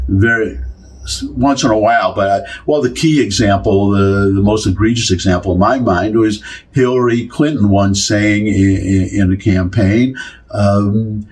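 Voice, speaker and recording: A man's voice: lowish voice, a little mellow. A man with a Midwestern accent from Michigan, talking through a casual commentary monologue with many restarts and asides. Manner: rambling, many restarts and asides, emphatic repetition. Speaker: political commentary host.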